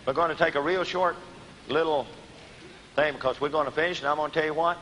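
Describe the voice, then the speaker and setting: A man preaching a sermon, asking his listeners questions and answering them himself, swinging from emphatic outbursts to quiet, low asides. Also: steady tone, fast talker, long pauses, slight background noise. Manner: rising to emphatic shouts on key words, then dropping low. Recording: long hall reverb.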